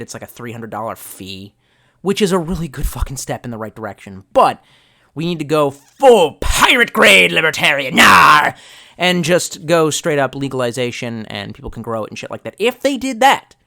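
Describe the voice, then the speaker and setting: A male streamer talking off the cuff, swearing freely and wandering from topic to topic. His pitch swings widely as he reacts. His speech is loose, chatty and unscripted. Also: fairly bright tone. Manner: profane, rambling, reads chat aloud. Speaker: live streamer. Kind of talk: casual live-stream chat.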